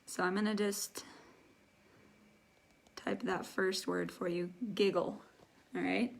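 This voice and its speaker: Slow, patient woman teaching English. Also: medium pitch, creaky. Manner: slow, patient, demonstrates sounds aloud. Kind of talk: live online English lesson.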